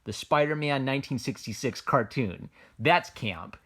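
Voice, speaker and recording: Speaking at normal speed, this male manga reviewer has a medium-pitched, fairly bright and animated voice. He gives an unscripted, casual review, sounding amused as he rambles, restarts sentences and fills gaps with "like" and "uh."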